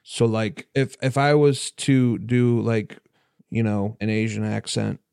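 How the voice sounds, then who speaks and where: A man's voice: on the low side, little pitch movement, slow, vocal fry, darkish tone, clean tone, no echo. Laid-back man, dry close sound. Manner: laid-back, hesitant, lots of fillers. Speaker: podcast co-host. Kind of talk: casual chat.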